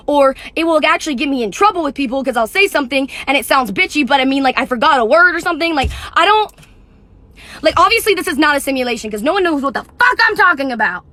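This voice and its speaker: A young woman talks casually to camera at breakneck speed, her voice high and bright. The sound is close and dry, with no room around it. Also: lively intonation, no echo. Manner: rapid-fire, says she talks fast.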